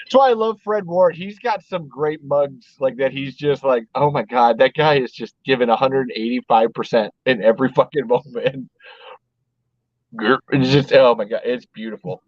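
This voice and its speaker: A man's voice: mid-range voice, moderate pace, no echo, highs cut off. A man hosting a casual podcast chat, rambling with lots of "like" and frequent swearing. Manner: rambling, swears a lot, heavy use of "like". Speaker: podcast host.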